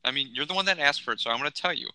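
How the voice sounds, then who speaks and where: A man co-hosting a casual sports podcast, talking in an exasperated, ranting way that climbs in pitch as he gets worked up. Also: animated, very fast, bright, forceful tone, clear, resonant tone, dry recording, rough recording. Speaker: podcast co-host.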